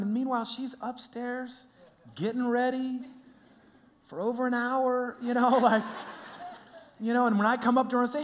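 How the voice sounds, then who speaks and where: A pastor preaching with earnest conviction. He has a fairly high voice for a man and grows lively in his stories. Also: normal speed, slight background noise. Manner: earnest, animated when telling stories. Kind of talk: sermon.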